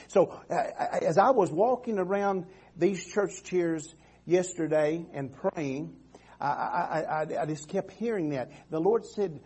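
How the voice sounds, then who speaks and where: A man's voice: a little high, a little slow, darkish tone, breathy edge. A man preaching a sermon as pastor, calling out "Amen" and "come on" and often restarting his phrases. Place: church sanctuary.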